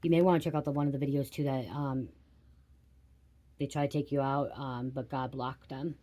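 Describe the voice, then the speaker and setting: A woman's voice: extremely low pitch, steady tone, moderate pace, dark tone. A woman giving a casual tarot reading, chatting straight to her viewers and swearing when surprised. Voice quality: frequent swearing exclamations. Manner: chatty, addresses viewers directly. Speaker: tarot reader.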